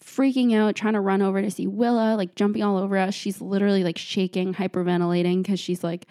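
A woman's voice: medium pitch, steady tone, a little fast, mellow, no room sound, clean studio sound. A young woman hosting her show, telling a story casually with lots of "like" fillers and frequent laughs. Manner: chatty, full of "like" fillers, laughs often. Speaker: host.

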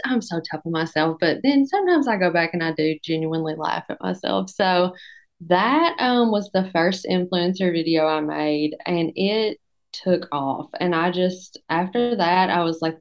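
A woman in her thirties, a guest on a podcast, telling her story in an animated, self-deprecating way and laughing often. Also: fairly low pitch, moderate pace, creaky. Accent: regional accent. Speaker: guest, dietitian and content creator. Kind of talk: casual interview chat.

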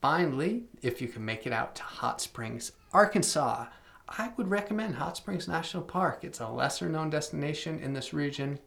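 Gravelly-voiced man hosting a travel podcast. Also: on the high side, expressive, moderate pace, fairly bright tone. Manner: chatty, filler-heavy, with self-aware plugs and asides. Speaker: podcast host. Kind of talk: casual travel podcast talk.

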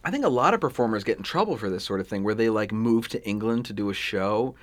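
A man in his thirties hosting a podcast, chatting casually about musicals and slipping into animated quoted voices. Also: on the low side, fast. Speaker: podcast host.

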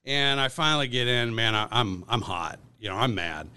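A man as a podcast guest, telling a workplace story in a casual, animated way with lots of fillers. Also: mid-range voice, moderate pace, smooth. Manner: animated storyteller, acts out quotes, many fillers.

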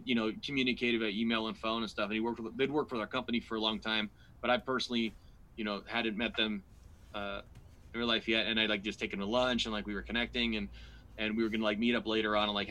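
Bright-voiced man telling a rambling story. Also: poor audio. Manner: rambling, animated anecdote with many restarts and fillers; acts out his own past lines in a higher, louder voice. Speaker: guest comedian. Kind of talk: casual storytelling in a podcast chat.

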